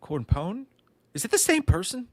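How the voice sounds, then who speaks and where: A man's voice: high-pitched, big pitch swings, moderate pace, no echo. A man co-hosting a live movie news stream, chatting casually, swearing freely, laughing often and reading viewer comments aloud.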